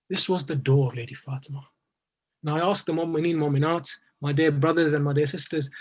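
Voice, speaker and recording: A man with a British English accent delivering a religious sermon, telling the story and sinking soft and low in its sorrowful passages. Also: breathy edge. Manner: storytelling, grows softer and lower in sorrowful passages, rising with emotion at others. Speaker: speaker at a majlis. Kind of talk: religious sermon, recounting and lamenting.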